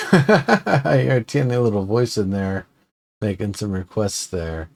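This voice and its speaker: A man playing a tabletop game, talking in character in a measured way. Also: on the low side, animated, gravelly. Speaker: player.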